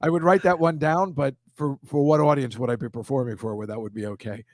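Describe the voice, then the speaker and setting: A man's voice: medium pitch, steady tone, quick pace, darkish tone, dry recording, studio quality. A middle-aged man, a comedian hosting a casual video-call chat, rambling and self-deprecating, dropping into silly voices now and then. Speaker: comedian host.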